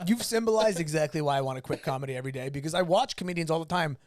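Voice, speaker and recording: A man's voice: on the high side, dry recording, studio quality. A man co-hosting a comedy podcast, joking around in casual banter and laughing often. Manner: joking, laughs often, quick back-and-forth. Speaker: podcast co-host.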